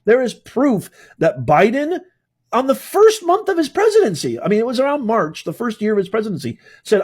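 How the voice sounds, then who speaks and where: A man's voice: high-pitched, a little mellow, breathy edge. A man hosting a political commentary livestream, ranting in a heated, indignant way. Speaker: host.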